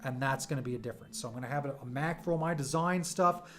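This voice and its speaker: A man casually chatting while hosting an art livestream, rambling with halting restarts. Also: medium pitch, a bit bright. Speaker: livestream artist host.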